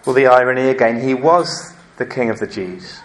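A man preaching a sermon, telling stories lively and acting out what people said. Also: mid-range voice, normal speed. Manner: lively storytelling, acting out quotes.

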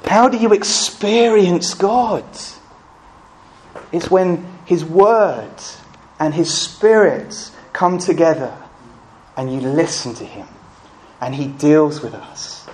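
A man preaching a sermon, full of rhetorical questions and swinging between loud emphasis and hushed asides. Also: a little high, takes it slowly, a little hiss or hum. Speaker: pastor.

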